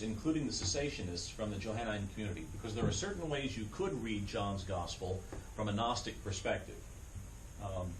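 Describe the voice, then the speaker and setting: A medium-pitched man teaches an adult education class in a church classroom, working through ideas step by step. Full of ums and uhs, he keeps checking that listeners are following. Slight background noise is audible.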